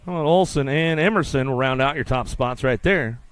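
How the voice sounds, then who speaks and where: A man calling live BMX races in rapid, rhythmic announcer patter at an outdoor track. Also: mid-range voice, clean tone. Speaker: race announcer. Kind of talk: live BMX race commentary.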